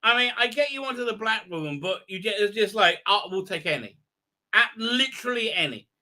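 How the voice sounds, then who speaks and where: Bright-voiced man ranting on a livestream. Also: high-pitched, expressive. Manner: rambling, full of halting fillers and restarts. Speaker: livestream host. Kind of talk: ranting show recap commentary.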